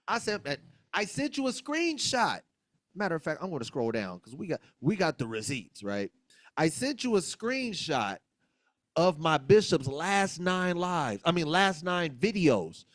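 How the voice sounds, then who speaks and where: A man talks on a podcast with a higher-than-usual voice that swings widely as he argues his side. He is emphatic and presses his points again and again. The sound is close and dry. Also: sing-song, a little slow, no room sound. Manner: emphatic, argumentative, quoting others, repeats himself. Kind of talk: heated podcast talk, recounting a dispute.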